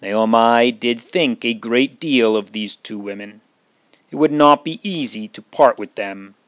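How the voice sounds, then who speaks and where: A man reading a Bible story aloud to children in a slow, earnest, solemn manner. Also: medium pitch, no room sound.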